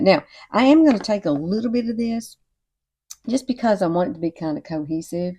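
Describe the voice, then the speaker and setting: A woman talks through a casual makeup tutorial at home. She sounds chatty and encouraging and keeps calling the viewer girl. Her voice sits a little low. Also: expressive, fairly quick, vocal fry, warm tone. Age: 60s. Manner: chatty and encouraging, often says y'all and girl. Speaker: beauty vlogger. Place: home at night with cicadas outside.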